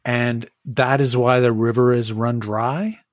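A man narrating as game master in a tabletop game, unhurried and hesitant, with many fillers and restarts. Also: medium pitch, steady tone, dry recording.

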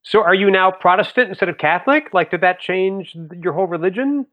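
A man's voice: high-pitched, lively intonation, brisk. Man on a tinny phone-like line. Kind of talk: casual chat.

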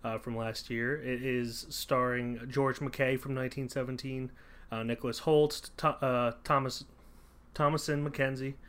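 A man's voice: mid-range voice, little pitch movement, measured pace, fairly bright tone, smooth. A man co-hosting a casual movie podcast from a room at home with poor acoustics. He rambles, with lots of fillers and restarts. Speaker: podcast co-host.

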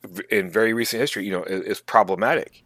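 A man co-hosting a tabletop gaming podcast, talking casually in a halting, thoughtful way with many restarts. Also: lowish voice, sharp tone, no echo, studio quality. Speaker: podcast co-host. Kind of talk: casual chat.

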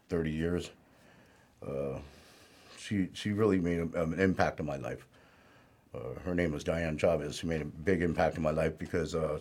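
Man, very deep voice, husky, candid interview guest, rambling and plainspoken. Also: darkish tone. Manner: plainspoken, rambling, with many "you know"s. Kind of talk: candid life-story interview.

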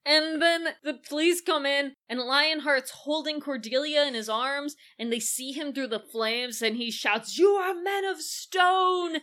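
A woman's voice: high-pitched, unhurried, hardly any pauses. A woman co-hosting a casual film review podcast, acting out the scenes she retells. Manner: animated, acts out scenes in voices. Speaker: podcast co-host.

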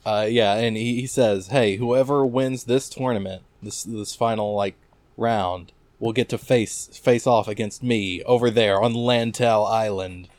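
A man's voice: fairly low pitch, fairly even intonation, a little slow, a little mellow, no echo. A man co-hosting a casual podcast recap, making dry, wry asides. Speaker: podcast co-host.

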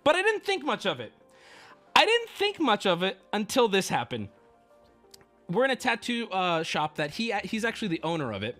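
A man with a high, bright voice spins a casual story for his stream. He swears freely and swings from hushed asides to excited outbursts, with a sing-song lilt all over the place. Soft music runs faintly underneath. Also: normal speed. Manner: excitable, profane, swings between hushed and loud.

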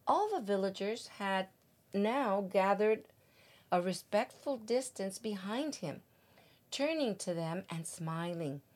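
Older woman from Mexico, guest storybook reader; gentle, very slow read-aloud. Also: medium pitch. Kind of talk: reading a picture book aloud.

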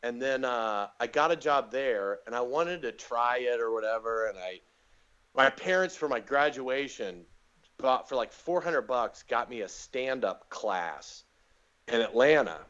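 Speaking at a measured pace in a smooth, medium-pitched voice, a comedian guesting on a podcast tells casual stories and performs the voices of the people in them. The sound quality is dull.

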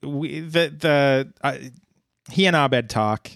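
A man's voice: on the high side, slow, gravelly, fairly bright tone, dry recording, clean studio sound. A man co-hosting a podcast, chatting casually with many restarts and fillers, now and then apologizing for going off track. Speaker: podcast co-host. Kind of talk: casual chat recapping episodes.

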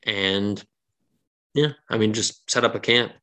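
Rambling male game master, fairly low voice. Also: measured pace, bright, forceful tone. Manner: rambling, loose narration with fillers. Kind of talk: narrating a tabletop game.

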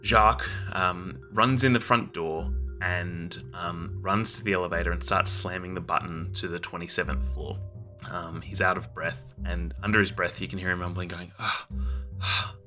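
Deep, bright-toned man narrating his tabletop character, halting, faint music behind. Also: steady tone. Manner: hesitant, with many fillers. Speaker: player.

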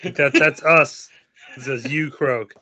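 A man with a bright, forceful voice, a touch higher than most men, chats casually and teases his friends. He takes charge and hands out reading parts. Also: takes it slowly. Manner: bossy, teasing, giving directions. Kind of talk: casual chat.

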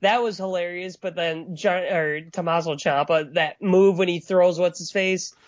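A man co-hosting a podcast in casual chat, rambling and jokey with deadpan asides. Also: high-pitched, moderate pace, dry recording. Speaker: podcast co-host. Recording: dry, dull lo-fi audio.

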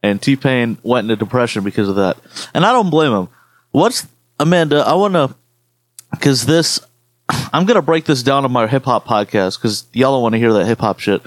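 A man's voice: mid-range voice, lively intonation, moderate pace, no echo. A man co-hosting a podcast, telling rambling stories in casual chat with lots of swearing. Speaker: podcast co-host.

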